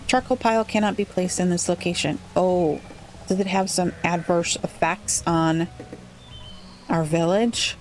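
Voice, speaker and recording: A woman playing a city-builder game, thinking aloud and puzzling over it, her voice a little rough today. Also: fairly low pitch, takes it slowly, long pauses, darkish tone, a little hiss or hum. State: slightly rough voice. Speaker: let's play gamer. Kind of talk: relaxed gameplay commentary.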